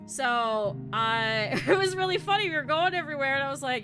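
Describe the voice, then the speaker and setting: Streamer, woman, high and bright, animated and laughing, swears casually, desk mic with faint game music under her. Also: brisk. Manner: animated, laughs often while telling stories. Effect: cartoon avatar streamer, talking over game music. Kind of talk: casual storytelling to chat.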